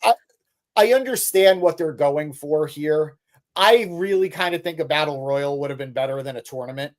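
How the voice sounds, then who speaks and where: A podcast co-host with a slightly raised pitch reads live chat comments aloud on a casual live stream and answers them off the cuff at a moderate pace, tossing in joking swears.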